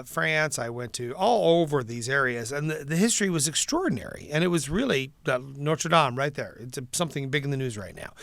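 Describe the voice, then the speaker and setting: A man's voice: on the high side, creaky, a bit bright, dry recording. A man talking earnestly and at length as an interview guest, the president of a preservation nonprofit. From not from the local city. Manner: earnest, enthusiastic, rambling with restarts. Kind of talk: casual interview chat.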